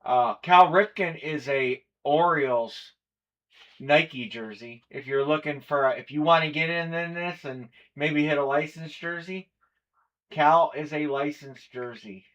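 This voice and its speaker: A man's voice: on the high side, measured pace, fairly bright tone, dull audio. Casual man hosting a live stream. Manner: casual, rambling, reads off players and teams. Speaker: stream host. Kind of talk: live breaking stream chat.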